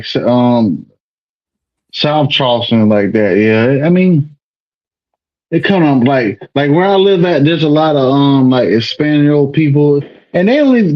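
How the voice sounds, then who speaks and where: A man calling into a panel, rambling and halting with many fillers. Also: a little high. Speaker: panel caller. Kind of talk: casual call-in chat. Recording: dull lo-fi call audio.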